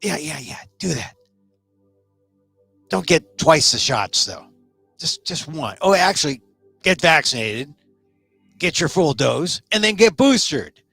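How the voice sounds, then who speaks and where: A man's voice: a little high, sing-song, slow pace, gravelly, long pauses, pushed and bright, husky, faint music behind. A man hosting a live-streamed talk show in a casual, rambling monologue, full of joking asides.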